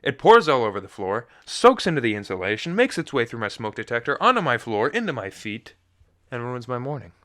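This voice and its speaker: A man's voice: mid-range voice, fairly bright tone, dry recording, clean studio sound. A young man hosting a solo podcast, telling a rambling, self-mocking story full of tangents. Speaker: podcast host. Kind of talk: casual solo chat.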